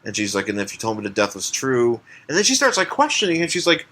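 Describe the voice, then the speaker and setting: A man's voice: medium pitch, wildly swooping pitch, quick pace, bright, forceful tone. A man co-hosting a podcast in casual comedic chat, rambling and restarting his sentences as he acts out scenes. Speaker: podcast co-host.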